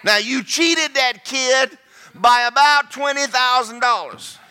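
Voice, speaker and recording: A man's voice: extremely high pitch, slow, bright, forceful tone, smooth. A man preaching a sermon as pastor, folksy and repetitive, speaking in bursts.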